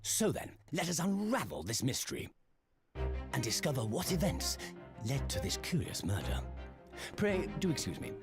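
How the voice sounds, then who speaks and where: A pompous British gentleman detective who swoops wildly up and down in pitch as he lays out his deductions. Music plays clearly beneath the game voice, and the delivery stays grand and theatrical. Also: huge pitch swings, moderate pace. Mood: musing. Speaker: game character. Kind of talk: video game voice acting.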